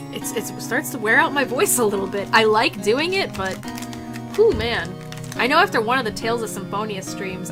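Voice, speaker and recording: A woman streamer chatting casually and giggling at herself while playing a game. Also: mid-range voice. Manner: chatty, giggly, self-mocking. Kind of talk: casual gaming stream chat. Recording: game music behind the voice.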